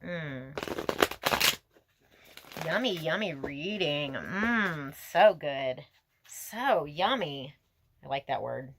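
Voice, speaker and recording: A woman's voice: deep voice, expressive, extremely slow, long pauses, noisy background. A woman giving a casual tarot reading to camera outdoors, gushing and emotional, laughing and musing aloud to herself. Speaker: tarot reader.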